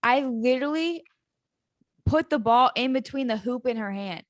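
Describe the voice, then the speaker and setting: A young woman co-hosting a podcast, telling stories in a giggly, animated way. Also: sits high, moderate pace, dry recording, studio quality. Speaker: podcast co-host. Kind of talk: casual chat.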